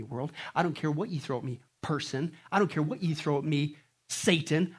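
A man preaching a sermon, animated, swinging between loud bursts and quiet stretches. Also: on the high side, brisk, husky. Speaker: pastor.

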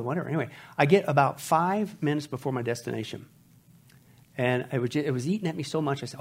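A middle-aged male pastor preaching a sermon, telling stories with quoted dialogue and loud emphatic rises. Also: brisk, breathy edge. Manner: animated, loud emphatic delivery with sharp rises in pitch; storytelling with quoted dialogue, dropping to soft asides.

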